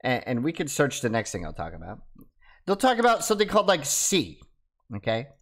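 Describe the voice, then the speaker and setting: A man's voice: medium pitch, wildly swooping pitch, fairly quick. A man hosting his own video, talking casually and ranting in a mocking way. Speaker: crypto video host. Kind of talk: casual monologue to camera.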